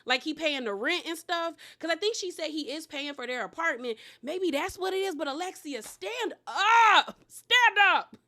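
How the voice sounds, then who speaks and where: A woman vlogger recapping a reality TV episode in a casual, chatty way, sassy and animated, laughing often and talking straight to the cast with "girl". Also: high-pitched, brisk, few pauses. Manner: laughs often, bursts into loud exclamations.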